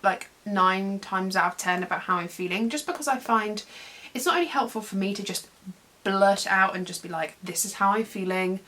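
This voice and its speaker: A woman's voice: medium pitch, moderate pace, sharp tone. A young woman, chatting in a rambling, self-deprecating way as she does her makeup for a get-ready-with-me video at home. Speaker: beauty vlogger. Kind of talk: casual get-ready-with-me chat.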